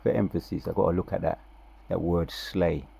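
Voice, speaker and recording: A man giving casual religious commentary, reading scripture aloud with loud, drawn-out emphasis between relaxed, slangy asides. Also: sits low, creaky, husky. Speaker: religious video preacher.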